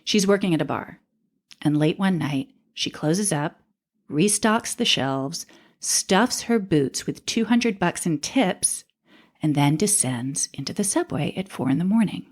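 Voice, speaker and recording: Lower-pitched woman telling a story. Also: animated, measured pace. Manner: reads a transcribed story aloud, laughing easily. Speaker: podcast co-host. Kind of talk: casual storytelling chat.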